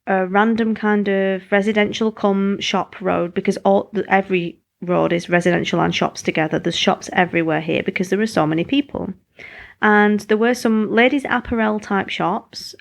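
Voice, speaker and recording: A woman's voice: mid-range voice, vocal fry. A woman host, chatting in a rambling, self-deprecating way on her podcast. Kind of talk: casual podcast monologue.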